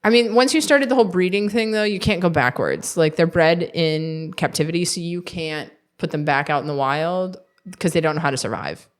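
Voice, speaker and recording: A woman in her thirties from Minnesota, a dog trainer telling her story as a guest in a casual interview, chatty with quick asides. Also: fairly low pitch.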